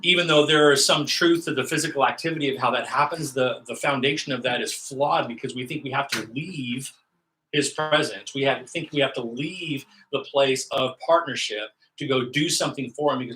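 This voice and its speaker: A man's voice: medium pitch, moderate pace, pushed and bright, low-quality recording. A man giving an earnest teaching sermon on prayer, often repeating phrases and restarting his sentences.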